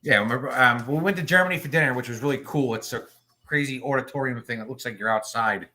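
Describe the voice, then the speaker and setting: Bright-voiced man telling crude jokes. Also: medium pitch, quick pace. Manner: crude, joking storyteller. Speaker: podcast co-host. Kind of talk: casual chat.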